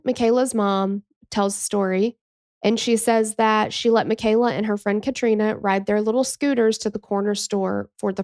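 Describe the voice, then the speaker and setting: A woman's voice: medium pitch, no echo, studio quality. A woman in her thirties hosting a true crime podcast, telling the story in a chatty, emotional way with asides and acted-out quotes. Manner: acts out quoted people in a shifting voice.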